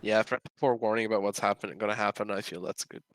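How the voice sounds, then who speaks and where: A man's voice: on the low side, little pitch movement, fast, a bit bright, no room sound, rough recording. A man playing a tabletop game, chatting casually with short agreeing replies. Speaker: player.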